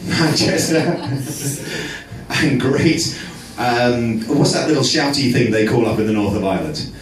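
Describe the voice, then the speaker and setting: A male stand-up comedian performing on a club stage, self-mocking and halting, with lots of fillers. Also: mid-range voice. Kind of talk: stand-up set. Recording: echoey club from far off.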